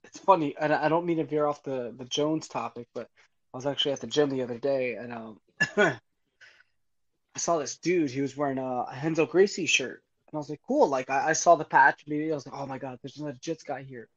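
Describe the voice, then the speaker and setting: A man telling a casual story on a podcast, animated and acting out both sides of it. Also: mid-range voice, fairly quick. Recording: muffled lo-fi audio.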